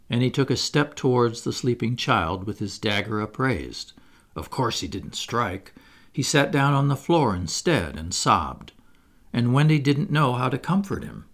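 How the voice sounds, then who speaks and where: A man narrating a classic storybook aloud in an expressive reading voice. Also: mid-range voice. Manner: expressive, wide-ranging. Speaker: audiobook narrator.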